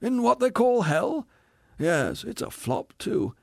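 A man plays a hard-bitten, bitter, cynical ghost, ranting in a high, sing-song voice that swings sharply and keeps leaping up in scorn. He takes it slowly, sounding gravelly, sneering and heavily acted as he rants his complaints. The recording is dry and close, with no room around it.

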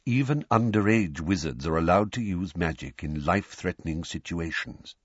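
A man doing a quiet calm reassuring wizard. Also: low-pitched, moderate pace, breathy edge, no room sound, lo-fi sound. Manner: quiet and steady.

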